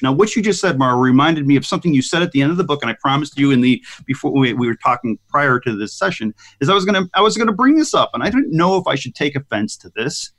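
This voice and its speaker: A man hosting an interview, talking in a lively, joking, conversational way. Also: mid-range voice. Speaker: interview host.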